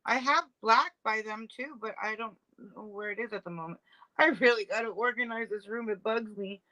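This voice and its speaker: A woman chatting casually as co-host, thinking out loud. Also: a little high, moderate pace, no room sound, poor audio. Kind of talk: casual chat.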